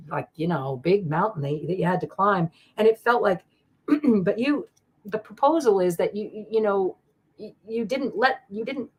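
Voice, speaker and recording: A woman's voice: on the low side, a little mellow, slightly rough. A woman giving live tarot readings to viewers, affectionate and rambling, often laughing and getting emotional. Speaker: tarot card reader. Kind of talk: live-stream card reading.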